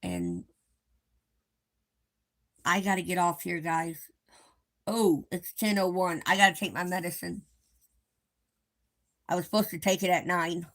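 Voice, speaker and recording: A woman hosting a live stream, speaking to her viewers in a gentle, reassuring way. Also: on the low side, animated, a little slow, long pauses. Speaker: livestream host.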